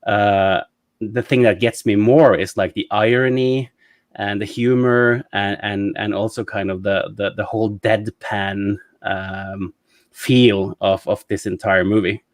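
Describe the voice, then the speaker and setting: A man in his thirties with a Norwegian accent, chatting about a movie in a halting way, full of fillers and restarts. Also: on the low side, fairly even intonation, no echo, clean studio sound. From Norway. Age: 30s. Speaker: podcast co-host. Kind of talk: casual movie discussion.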